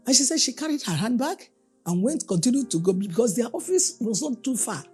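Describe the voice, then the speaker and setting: Speaking fairly quickly in a fairly high, slightly rough voice, a woman pastor gives a storytelling sermon with faint music in the background. She animatedly recounts everyday stories and performs the characters in them.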